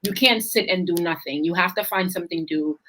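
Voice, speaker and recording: A woman's voice: on the low side, fast talker, bright, forceful tone, slight background noise, low-quality recording. A young woman hosting a talk show, chatting casually and leaning on "like" and "right?". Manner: chatty, leans on "like" and "right?" tags. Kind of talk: casual chat.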